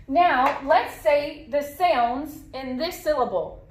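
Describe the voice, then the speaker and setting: A woman teacher leading a phonics lesson for young children, modeling sounds slowly and clearly with lots of repetition. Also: high voice. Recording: echoey room.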